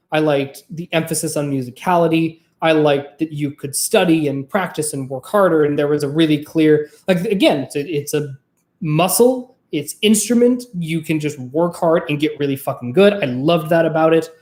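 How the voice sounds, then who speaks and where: A vlog host and trained former opera singer, chatting casually to camera in a rambling, profane, lively way. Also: medium pitch, moderate pace, reverberant.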